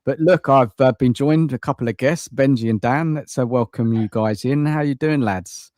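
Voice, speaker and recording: A man's voice: mid-range voice, moderate pace, darkish tone, no echo, clean studio sound. A man hosting a live stream, laid-back and friendly. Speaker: host.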